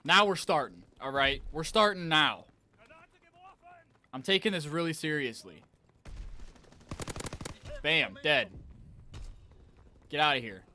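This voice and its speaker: A young man giving excitable live commentary on an online shooter match, talking to his viewers and trash-talking as he plays. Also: a little high, slow pace, long pauses, a little hiss or hum. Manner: excitable, talks to viewers, trash-talks while playing. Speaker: gaming channel host.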